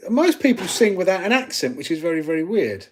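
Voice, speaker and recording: A man's voice: high voice, very animated, a little fast, darkish tone, breathy edge. A man hosting a live stream, casually chatting and reading out viewer comments while he works on his gear. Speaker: channel host.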